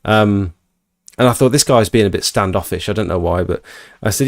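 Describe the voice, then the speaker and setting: Low voiced guy telling a story on a podcast, bounces up high when he quotes people, dry sound. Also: moderate pace, no room sound. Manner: animated, acts out quotes with rising pitch. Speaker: podcast host. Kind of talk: casual storytelling chat.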